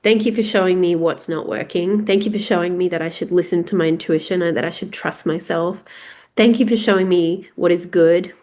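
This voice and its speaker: A woman's voice: fairly low pitch, fairly even intonation, a little fast, a little mellow. A middle-aged Australian woman hosting a podcast, talking candidly and chattily in a solo reflective monologue with laughs and restarts. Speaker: podcast host. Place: house, on her own.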